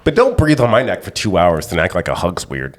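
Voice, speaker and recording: A man's voice: sits low, very animated, fairly quick. A man co-hosting a comedy podcast, rambling through casual banter and filling it with "you know what I mean".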